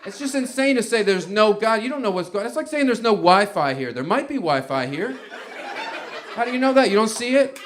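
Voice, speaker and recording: A man's voice: sits high, lively intonation, brisk. A man doing stand-up, musing in a rambling, incredulous way and swearing. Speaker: stand-up comedian. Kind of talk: stand-up set.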